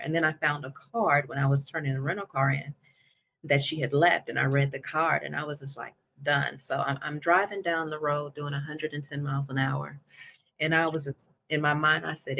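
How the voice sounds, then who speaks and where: A woman's voice: sits low, fairly even intonation, moderate pace, vocal fry, fairly bright tone. A woman podcast guest recounting a personal story with intense emotion.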